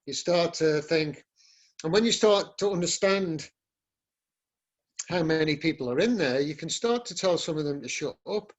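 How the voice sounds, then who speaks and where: A man, teaching a live yoga workshop in a loose, rambling, conversational way with many fillers. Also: on the high side.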